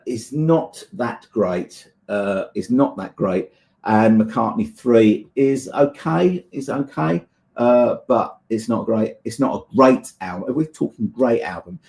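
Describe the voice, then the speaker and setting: Gravelly man chatting on a livestream. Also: mid-range voice, warm tone. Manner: chatty, hesitant with many fillers, laughs often. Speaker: livestream host reading chat. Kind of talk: casual chat.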